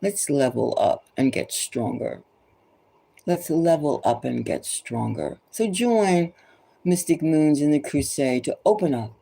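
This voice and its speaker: Low, husky woman preaching urgently. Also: lively intonation, measured pace, dark tone, rough recording. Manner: preachy, urgent, repetitive exhortations. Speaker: tarot reader. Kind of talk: impassioned spoken monologue.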